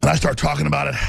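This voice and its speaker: A man hosting a talk radio show, delivering an impassioned, ranting monologue that keeps rising to shouts. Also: on the high side, creaky, breathy edge, no echo.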